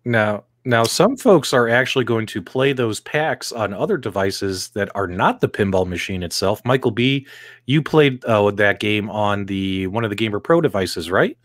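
A man's voice: on the low side, lively intonation, normal speed, dry recording, studio quality. A man hosting a gaming podcast, talking animatedly and putting questions to his co-hosts. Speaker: podcast host. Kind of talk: casual podcast chat.

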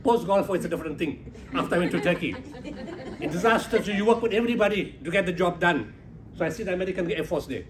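Male keynote speaker, fairly high voice, lively anecdotal delivery with humor. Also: quick pace, a little hiss or hum. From South Africa. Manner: animated storytelling, acting out dialogue, laughing at own jokes. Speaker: keynote speaker, humanitarian founder. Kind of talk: humorous motivational speech. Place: conference hall before a business audience.

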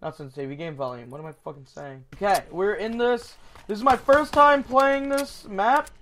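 A young man hosting a gaming channel, giving casual, excitable gameplay commentary and swearing when startled. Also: high-pitched, normal speed, a little hiss or hum.

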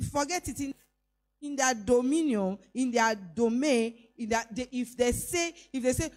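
A woman's voice: fairly high pitch, unhurried, darkish tone. A middle-aged woman with a Nigerian accent, preaching a sermon and telling a personal story, slipping into Yoruba phrases. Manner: emphatic, voice rising on declarations.

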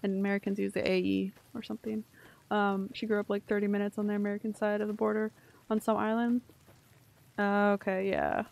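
A young woman with a gravelly, fry-edged voice chats her way through a game stream. She rambles loosely, swears casually and laughs at her own mistakes. Her pitch sits in an ordinary middle range. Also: little pitch movement, a little fast, a little mellow. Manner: chatty, rambling, swears casually, self-mocking. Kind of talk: casual gameplay commentary.

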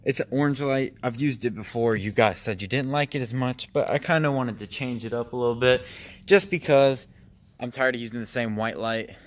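A man's voice: medium pitch, fairly quick. A young man vlogging as he explores a cold outdoor tunnel, rambling and out of breath, easily startled by sounds. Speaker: paranormal vlogger. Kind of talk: casual vlog exploring a tunnel.

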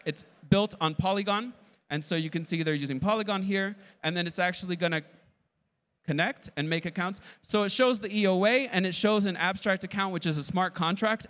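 A man's voice: high-pitched, a bit bright. A man giving a tech conference talk with a live demo, eager and keeps checking in with the audience. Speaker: conference presenter.

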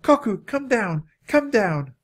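A man voicing an eager, brave young girl adventurer in a storybook, talking in a high, excited, pleading way. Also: a little fast.

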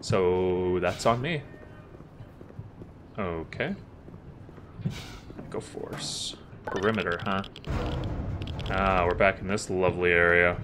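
Joking his way through a let's-play, a man who runs a gaming channel talks back to on-screen characters as he plays. He has a deep voice and speaks slowly with long pauses, under heavy background noise.

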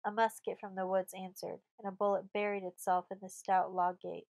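A woman's voice: medium pitch, normal speed, creaky, dry recording, rough recording. Woman reading a story, dry sound. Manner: steady storytelling. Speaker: audiobook narrator. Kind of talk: scripted narration.

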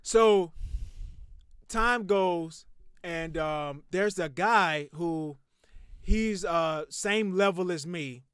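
A man in his thirties tells a story on a podcast, his voice pitched a little high and recorded dry and close. He talks with heat and swears freely, building the tale with animated energy. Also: extremely slow, smooth, dry recording. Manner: profane, animated, heated storytelling. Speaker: podcast host telling a story. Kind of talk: casual storytelling.

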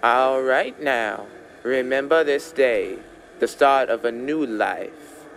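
A man voicing an elderly church woman who gently leads a young man through a prayer, slow and preacherly. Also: mid-range voice, creaky, slight background noise. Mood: solemn leading.

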